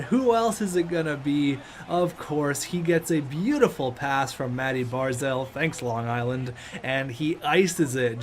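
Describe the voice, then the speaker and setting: A young man commentating his own video game match, joking and shouting when play gets tense. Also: on the high side, a little hiss or hum. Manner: excitable, jokey, shouts at big plays. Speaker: gaming YouTuber.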